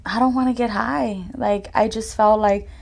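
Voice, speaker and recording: A woman's voice: fairly high pitch, fairly even intonation, moderate pace, vocal fry, darkish tone. A young woman giving a personal testimony as a podcast guest, talking casually with frequent "like" and "you know" fillers. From California.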